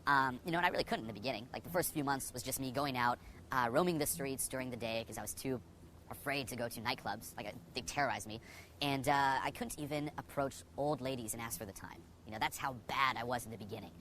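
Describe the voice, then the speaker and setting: A man's voice: mid-range voice, quick pace, pushed and bright, slight background noise. A young man, a dating coach, telling his personal story to the camera in a candid way, full of swearing and "you know" fillers.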